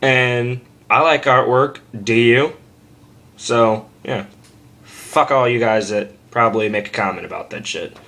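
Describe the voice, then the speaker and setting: A man's voice: medium pitch, measured pace, fairly bright tone. A young man talks through a home-made screaming lesson in a loose, rambling way. He curses freely and jokes at his own expense, and he sounds as if he is recorded on a simple camera mic at home. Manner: rambling, profane, self-deprecating. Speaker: screaming tutor. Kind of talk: casual vocal tutorial.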